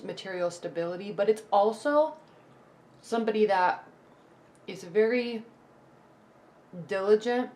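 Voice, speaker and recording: A woman's voice: medium pitch, a little mellow, a little hiss or hum. A woman giving a casual tarot forecast to camera. She talks in a loose, reassuring way, restarts often and keeps checking in with "okay?" and "right?". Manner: loose and chatty, with frequent restarts. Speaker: tarot reader.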